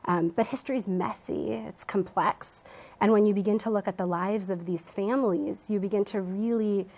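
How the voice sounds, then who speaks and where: Woman answering interview qs in a tv studio, lots of ums, mid pitch. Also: steady tone, normal speed, a little mellow. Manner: thoughtful, with frequent ums and restarts. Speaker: museum education director.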